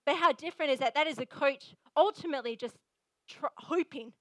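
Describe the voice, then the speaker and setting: A woman pastor giving a sermon in an energetic, emphatic, conversational way. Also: high-pitched, fairly quick, no echo, low-quality recording.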